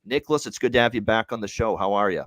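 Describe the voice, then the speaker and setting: A man's voice: on the low side, fast, fairly bright tone, no room sound. A man hosting a sports betting podcast, talking in a loose, chatty way with casual swearing. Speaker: host of sports betting show.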